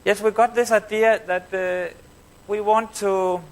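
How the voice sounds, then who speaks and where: A man's voice: high voice, fairly bright tone, poor audio. A man quoting a bold young woman, teasing. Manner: teasing, drawn-out pauses. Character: bold young woman of twenty-three pitching an idea.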